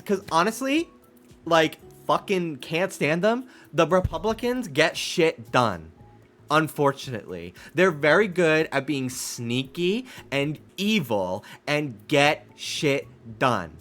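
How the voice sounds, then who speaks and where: Brief: male streamer, lively swinging delivery, swears freely, casual rant. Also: fairly high pitch, takes it slowly, soft background music. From United States. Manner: ranting, profane, animated. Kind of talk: casual chat while gaming.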